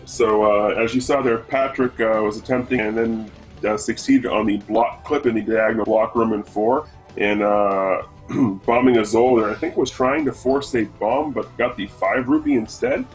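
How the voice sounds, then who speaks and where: Guy from the us northeast doing casual race commentary, lots of uh and um, soft music under it. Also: lowish voice, fairly even intonation, normal speed, low-quality recording. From Northeast United States. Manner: rambling, many fillers and restarts.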